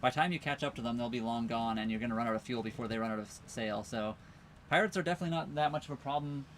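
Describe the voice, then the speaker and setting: A man hosts a relaxed livestream from a sailboat, chatting in an easygoing, rambling way. His voice sits at a middle pitch. A faint hiss runs under it. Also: rapid-fire. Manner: easygoing, rambling, reads viewer comments aloud. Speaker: live stream host. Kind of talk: casual live stream chat. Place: on a sailboat at a marina.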